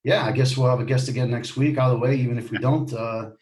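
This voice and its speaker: A man's voice: mid-range voice, steady tone, fast, a little mellow, a little hiss or hum. A man co-hosting a casual podcast, talking in a playful, teasing way with lots of fillers. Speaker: podcast co-host.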